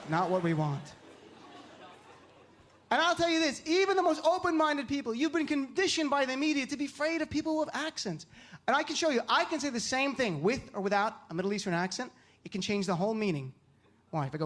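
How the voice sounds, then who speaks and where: A man from New Jersey doing stand-up comedy, with an animated, punchy delivery. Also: very high-pitched, brisk. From Lodi, New Jersey. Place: comedy stage. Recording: live venue with audience noise.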